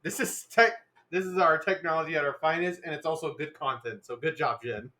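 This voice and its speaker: A young person in casual chat over a voice call, lively and quick to laugh. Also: mid-range voice, a little hiss or hum.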